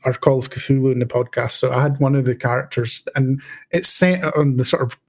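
A man's voice: medium pitch, brisk, darkish tone, husky. Middle-aged Scottish man chatting. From Scotland. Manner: chatty, stacks restarts and repeated words. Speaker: podcast co-host and game master. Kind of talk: casual chat.

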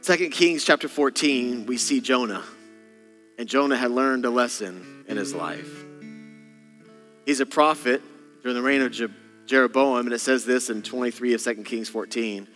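A man's voice: mid-range voice, moderate pace. A male senior pastor preaching a sermon, dramatic, acting out voices in sudden bursts. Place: church auditorium. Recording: long hall reverb, faint guitar behind. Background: soft guitar.

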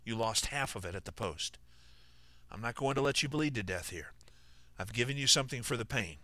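A man's voice: mid-range voice, expressive, brisk, bright, forceful tone, no room sound. A man voicing a stern army surgeon who speaks in firm, blunt orders.

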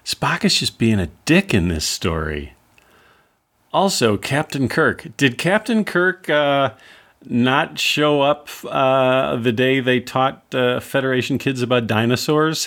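A man's voice: medium pitch, a bit bright. A man hosting a casual comedic review who is sarcastic and exasperated. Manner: sarcastic, exasperated, does mocking impressions. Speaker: reviewer host.

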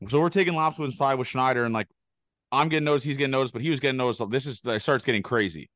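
A man's voice: mid-range voice, fairly bright tone, no echo, studio quality. A young man telling a rambling, laughing story on a casual podcast. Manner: rapid rambling anecdotes, laughing, swearing. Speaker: podcast co-host.

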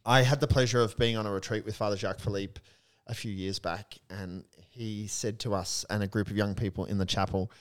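Young priest guy talking prayer, lowish voice, earnest and a bit jokey. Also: brisk, clean tone. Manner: earnest, animated storytelling with humor. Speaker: Catholic priest, co-host. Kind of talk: casual faith discussion.

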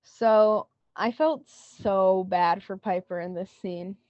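A woman's voice: medium pitch, slow pace, no room sound, dull audio. A woman co-hosting a podcast, retelling a TV scene in casual chat and quoting lines with lots of "like". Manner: retells scenes with many "like" quotes. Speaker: podcast co-host.

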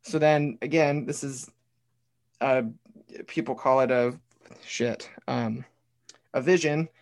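Reading from his own journal, a man who used to be a pastor and now tends bar shares a personal story earnestly in a laid-back podcast conversation. He speaks slowly in a medium pitch with vocal fry, with the occasional swear word and plenty of "dude" and "like."

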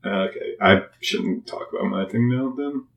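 A man's voice: on the low side, moderate pace, gravelly, a bit bright, reverberant. A man co-hosting a podcast, teasing and joking in casual chat. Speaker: podcast co-host.

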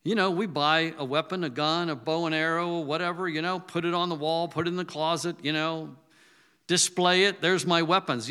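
A man's voice: on the high side, steady tone, normal speed, bright, forceful tone, clear, resonant tone. A male pastor preaching conversationally, telling stories and acting out quoted asides. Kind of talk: sermon.

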